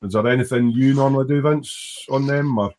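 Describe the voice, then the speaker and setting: A man's voice: medium pitch, fairly even intonation, fairly quick, darkish tone. A Scottish man hosting a casual online model-building chat, talking with lots of fillers and restarts. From Scotland. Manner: hesitant, many fillers and restarts. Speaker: host of a model-building live stream.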